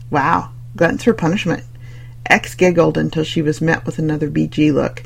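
An audiobook narrator reads fiction with a wry, conversational lilt. The voice has a steady gravelly fry at an even middle pitch. It moves between scene-setting and the characters' thoughts with ease. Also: moderate pace. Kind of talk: scripted narration.

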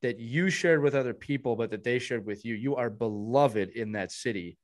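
A man hosting a hockey podcast, chatting casually and warmly, with frequent restarts and repeated words. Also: mid-range voice, normal speed. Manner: warm, rambling, many restarts. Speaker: podcast host.

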